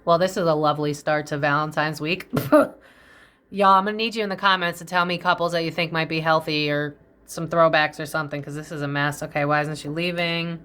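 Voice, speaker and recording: A woman's voice: low-pitched, fairly even intonation, a little fast, sharp tone, clear, resonant tone. A woman giving a casual psychic tarot reading. She talks in a chatty, profane, speculative way, jumps between tangents and often acts out quoted voices.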